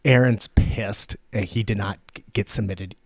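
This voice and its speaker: A man's voice: fairly low pitch, fairly even intonation, normal speed, dry recording. A man co-hosting a podcast in a studio, telling a long rambling story with heavy swearing and lots of fillers. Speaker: podcast co-host. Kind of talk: casual chat.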